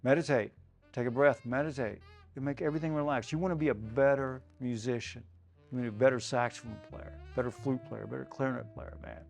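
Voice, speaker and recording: A man's voice: mid-range voice, fairly even intonation, fast, vocal fry, a little mellow, faint music behind. Easygoing older man giving a sax clinic. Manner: loose, conversational, many "you know"s and "man"s. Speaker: saxophone clinician. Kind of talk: casual spoken workshop talk. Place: music shop event space.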